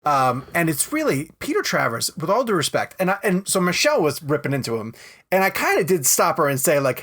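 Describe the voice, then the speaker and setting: A man hosting a casual movie podcast, telling long rambling stories in an animated way. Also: fairly high pitch, fast. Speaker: podcast host.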